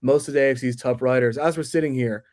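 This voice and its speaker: A man co-hosting a relaxed sports podcast. His voice sits at an ordinary middle pitch, and he talks in stop-start phrases, restarting words as he works his thoughts out, with easy teasing banter. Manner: halting, lots of restarts, bantering. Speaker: podcast co-host. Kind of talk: casual sports chat.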